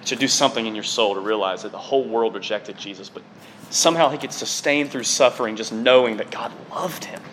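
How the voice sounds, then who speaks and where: A man preaching a sermon to his congregation in an excitable, conversational way, often dropping in casual fillers. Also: mid-range voice, fast talker, slight background noise. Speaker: preacher on staff.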